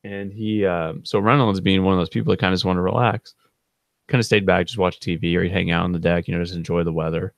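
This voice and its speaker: A man's voice: low-pitched, little pitch movement, fast, vocal fry, no room sound. A man in his thirties hosting a live stream, rambling through funny stories about a friend, laughing often and quoting people in a raised voice. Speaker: channel host. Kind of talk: casual storytelling on a live stream.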